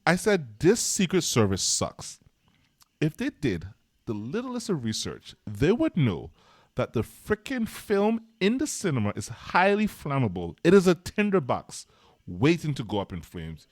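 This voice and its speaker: Co-host, male, mid pitch, lively and exasperated, dry close sound. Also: measured pace, no room sound. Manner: emphatic, exasperated critic. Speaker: podcast co-host. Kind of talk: casual movie discussion.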